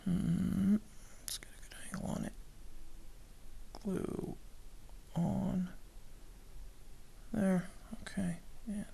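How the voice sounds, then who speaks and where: Slow, gravelly man muttering while building. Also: high voice, little pitch movement, dark tone. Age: adult with children. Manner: mutters and whispers to himself while working; self-mocking, jokey asides. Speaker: model kit builder. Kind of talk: hobby build video narration.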